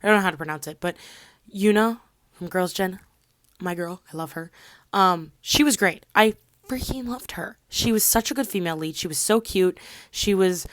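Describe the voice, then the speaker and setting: A young woman talks to her camera at home in a loose, chatty rant. She is animated, slips into whispered asides, and her mid-range voice is recorded dry and close, with no room sound. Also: medium pitch, moderate pace, no echo. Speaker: vlogger.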